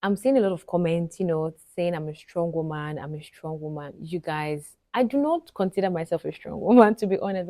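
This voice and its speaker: A woman's voice: lowish voice, dark tone, no room sound. A Nigerian woman vlogger telling a personal story to camera, chatty and often talking straight to her viewers. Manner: chatty, frequently addresses viewers directly.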